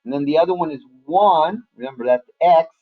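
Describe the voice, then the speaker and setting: A man's voice: fairly high pitch, fairly quick, narrow, tinny audio. Casual man teaching math online. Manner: casual, talks to students by name. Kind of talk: online class lecture.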